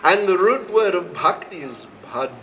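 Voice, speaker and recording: A man, a swami, giving a devotional talk to a live audience, telling stories slowly and acting out the dialogue. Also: rough recording. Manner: slow, storytelling, acts out dialogue with expressive rises in pitch. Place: retreat hall, recorded live.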